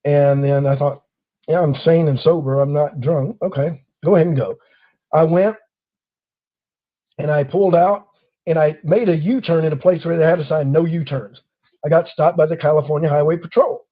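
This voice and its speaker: Male host, lively storyteller, slightly high voice, muffled lo-fi sound. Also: moderate pace. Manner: animated storyteller acting out quoted officers. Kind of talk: casual storytelling chat.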